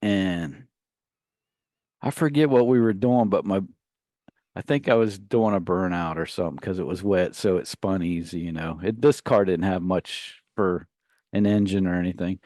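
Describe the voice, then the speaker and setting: A man's voice: low-pitched, normal speed, no echo, studio quality. Man spinning a rambling, profane story. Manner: rambling anecdote with profanity, acts out yelling relatives. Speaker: radio show co-host. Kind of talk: casual storytelling banter. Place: radio studio.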